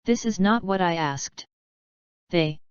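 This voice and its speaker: A woman's voice: fairly low pitch, takes it slowly, clean tone, no room sound. A woman voicing a bewildered adult man asking stiff, incredulous questions. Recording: dull lo-fi recording.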